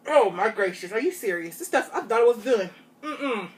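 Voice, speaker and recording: A woman chatting straight to her viewers in a casual challenge vlog, animated and drawling. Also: fairly high pitch, moderate pace, recorded from a distance. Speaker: vlogger. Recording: faint noise, voice off from mic.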